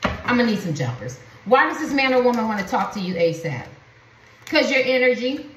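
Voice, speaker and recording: A woman's voice: a little high, big pitch swings, fairly quick, far from the mic, background noise. A woman giving a spiritual tarot reading to her viewers, rambling and repetitive with lots of slang and fillers. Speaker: tarot reader. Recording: echoey room, voice set back from the mic.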